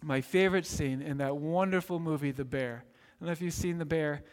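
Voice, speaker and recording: Male preacher, high voice, earnest sermon storyteller, long hall echo. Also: fairly quick. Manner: earnest storytelling, builds to excited peaks.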